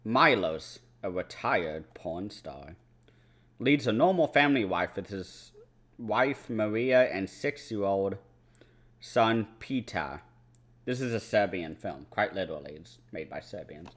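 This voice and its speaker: A young man reviews movies off the cuff with a slightly low voice. He rambles, swears freely and fills his talk with "like" and "you know.". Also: lively intonation, unhurried, a bit bright. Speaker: movie marathon vlogger. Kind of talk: casual movie review chat.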